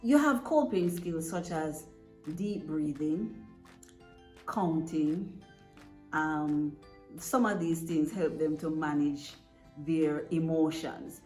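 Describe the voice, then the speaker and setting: A woman's voice: low-pitched, slow, long pauses, darkish tone. Earnest woman coaching parents. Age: adult parent. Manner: earnest and direct, checks in with "right?". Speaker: parent coach giving advice. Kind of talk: advice talk to parents. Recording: echoey room with faint music.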